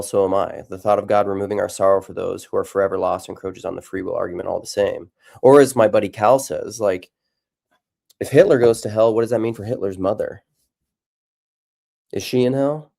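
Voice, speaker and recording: A man with a somewhat low voice hosts a relaxed live talk on theology. He works his ideas out aloud, stopping and restarting his sentences, and now and then reads viewer comments out. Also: vocal fry. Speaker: podcast host. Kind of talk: casual theological discussion.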